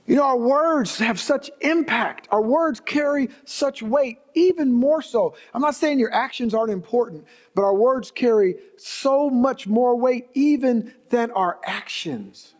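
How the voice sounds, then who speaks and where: High-pitched male preacher, storytelling sermon with emphatic repeats; church hall reverb. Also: lively intonation, slow. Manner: storytelling preacher, emphatic repetition, varied pace. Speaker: pastor.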